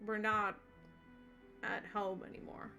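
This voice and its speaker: A woman voicing a blunt, gruff male lizard-folk townsman in a tabletop game, brusque and matter-of-fact. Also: completely flat delivery, unhurried, sharp tone, faint music behind, exaggerated voice. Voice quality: low grumbling voice.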